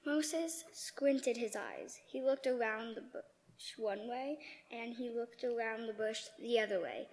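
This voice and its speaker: A woman reads a children's Bible story aloud with slow, deliberate care. Her voice sits a little high, and it rings out with a long reverb from a large hall. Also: a little mellow. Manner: slow, careful storybook reading. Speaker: scripture reader.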